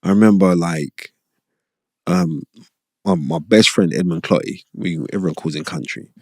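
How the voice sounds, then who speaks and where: Middle-aged podcast guest, gravelly and low, animated and rambling. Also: male voice, moderate pace, no echo, studio quality. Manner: animated, streetwise, rambling, repeats himself. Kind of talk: casual storytelling interview. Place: podcast studio.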